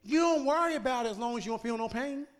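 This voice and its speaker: High-voiced pastor preaching in a reverberant church. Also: male voice, lively intonation, fast talker. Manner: preaching with rising shouts and sung cadences, then quiet conversational asides. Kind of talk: sermon. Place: church sanctuary.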